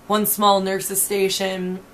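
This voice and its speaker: A woman's voice: medium pitch, completely flat delivery, takes it slowly, fairly bright tone, slight background noise. A woman telling her story in a personal video diary. She talks bluntly and swears often, with a lot of feeling. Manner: blunt, profane, emotionally intense storytelling. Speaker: video diarist.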